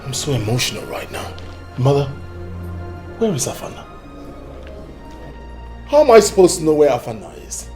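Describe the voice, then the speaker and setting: An actor with a Nigerian accent playing an arrogant, scheming young prince who mocks others and craves the throne. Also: male voice, on the high side, very animated, moderate pace, pauses often, darkish tone, soft background music. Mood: dismissive. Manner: mocking, dismissive and theatrical. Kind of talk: Nollywood film acting.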